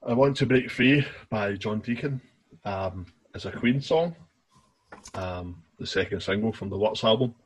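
A man with a lowish, husky voice chats on a music podcast in a laid-back, dry way. He keeps his remarks short and unhurried. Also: lively intonation. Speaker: podcast co-host. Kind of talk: casual music podcast chat.

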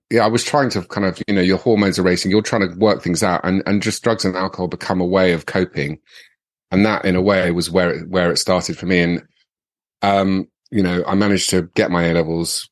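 A deep-voiced English man in his forties tells a long personal story in a rambling, easygoing way, full of fillers, restarts and laughs. The sound is close and dry, with no room around it. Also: dry recording. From England. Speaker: podcast guest. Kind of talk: casual storytelling.

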